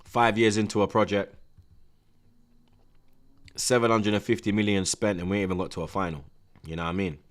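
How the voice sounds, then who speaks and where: A man, hosting a live football watchalong, chatting in heavy street slang with the viewers and shouting at big chances. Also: fairly low pitch, little pitch movement, a little fast, long pauses.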